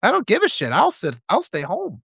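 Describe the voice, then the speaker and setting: A man's voice: high voice, wildly swooping pitch, fairly quick, gravelly, a bit bright, breathy edge, no room sound. A man giving an impassioned political monologue, ranting and mimicking opponents in mocking voices. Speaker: political commentator.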